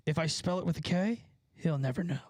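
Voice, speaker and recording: A man's voice: a little high, darkish tone, dry recording. A young man casually chatting on a live stream, laughing a lot and swearing as he mocks someone. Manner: laughing, mocking, profane.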